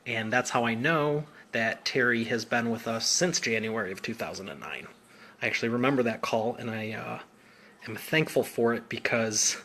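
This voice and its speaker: A man's voice: mid-range voice, normal speed, fairly bright tone. A man working as a business coach, answering viewer comments in a casual, upbeat live Q&A with informal slang.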